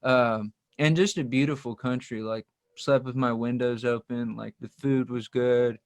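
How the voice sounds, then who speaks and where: A man's voice: mid-range voice, fairly even intonation, measured pace. Rambling country musician man. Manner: rambling, self-deprecating, laughs often. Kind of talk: casual interview storytelling.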